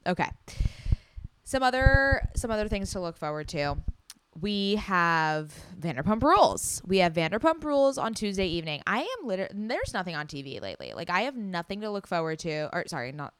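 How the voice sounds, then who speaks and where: A young woman hosting a solo podcast, chatting excitedly and gushing, with casual swearing. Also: fairly low pitch, moderate pace, smooth, no room sound. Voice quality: loud. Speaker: podcast host.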